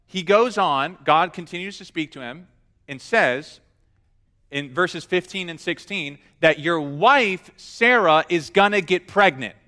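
A man preaching a sermon, telling the story with humor and acting out the quotes. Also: a little high. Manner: animated storyteller, acts out quotes. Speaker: pastor.

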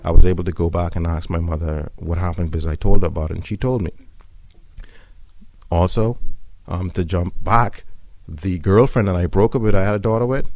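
Deep-voiced man sharing an earnest testimony. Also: a little fast, darkish tone, dry recording. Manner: earnest, reflective storytelling. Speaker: church member giving testimony. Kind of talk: personal testimony.

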